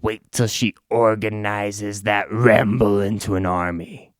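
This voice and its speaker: A man voicing a shadowy, grandiose alien villain who mocks heroes in a slow, sneering way. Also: fairly low pitch, little pitch movement, smooth, no echo, clean studio sound, pitched below the performer's own voice, natural voice.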